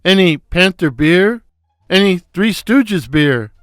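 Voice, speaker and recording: A man voicing a brash, wisecracking middle-aged comedian with a loud foghorn voice, firing off punchy gags in a comic story reading. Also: sits high, expressive, slow, clean tone, dry recording, studio quality, heavily acted.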